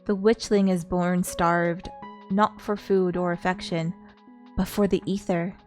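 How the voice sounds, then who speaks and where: A woman's voice: fairly low pitch, level tone, measured pace, a little mellow, soft background music. A woman streamer reading a story game aloud in an earnest way, stopping now and then to talk with her viewers.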